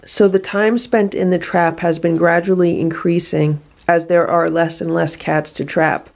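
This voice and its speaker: A woman's voice: on the low side, vocal fry, a little mellow. A woman filming a casual vlog at home, talking soothingly to a rescued cat and explaining her care in a coaxing, sing-song way.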